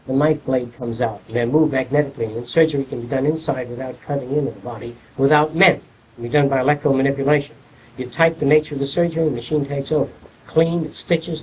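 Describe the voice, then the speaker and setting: A man's voice: on the high side, slight background noise. An older man giving an informal lecture, blunt and salty, acting out little dialogues as he tells stories. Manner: blunt, salty, animated storytelling. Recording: distant, muffled 1970s archive tape.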